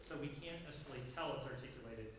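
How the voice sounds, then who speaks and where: A man's voice: mid-range voice, rapid-fire. A man directing a concert band in rehearsal, singing the rhythms on syllables and counting off bars. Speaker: band conductor. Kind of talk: rehearsal instruction. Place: large rehearsal room. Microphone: distant room recording. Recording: very echoey hall, distant, noisy.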